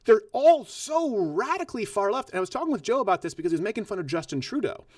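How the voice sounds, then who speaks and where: Fast animated male talk-show host. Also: high voice, a crowd in the background. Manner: fast, animated, laughing often. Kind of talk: political talk show chat.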